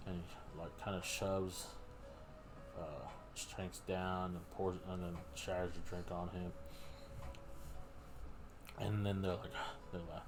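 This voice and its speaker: Man, very low voice, rambling casual recap, steady background noise. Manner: rambling, full of fillers and restarts. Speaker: streamer host. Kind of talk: casual live-stream recap.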